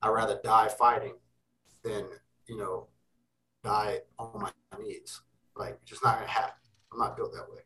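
Intense, profane man, bright and distant. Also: fairly low pitch, flat delivery, a little slow, soft background music. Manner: intense, emphatic, swears freely. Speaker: interview guest. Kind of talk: casual interview talk.

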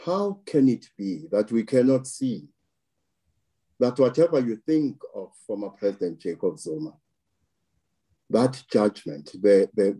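A man speaks in a very dark, mellow voice with a slightly husky edge. He talks at a slow, deliberate pace, piling up phrases for emphasis as he gives political commentary. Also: fairly low pitch.

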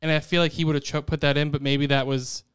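A man's voice: fairly high pitch, little pitch movement, fast, smooth. A young man co-hosting a podcast, chatting casually about a movie and often restarting his thoughts. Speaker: podcast co-host.

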